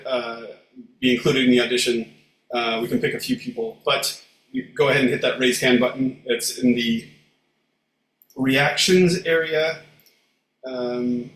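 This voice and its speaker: A man co-hosting a casual livestream in a rambling, relaxed way, with some swearing. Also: mid-range voice. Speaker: co-host. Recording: echoey room, faint noise.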